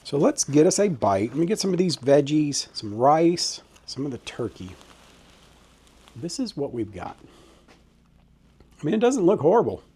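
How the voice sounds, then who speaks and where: A man's voice: mid-range voice, dark tone, breathy edge. Folksy man taste-testing food. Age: middle-aged. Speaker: cooking vlogger. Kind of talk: casual cooking vlog. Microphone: handheld camera mic.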